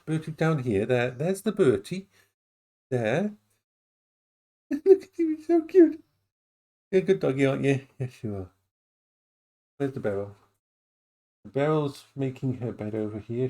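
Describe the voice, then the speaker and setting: A man chatting casually on a live stream from his home, often breaking into high baby talk for his dogs. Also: a little mellow.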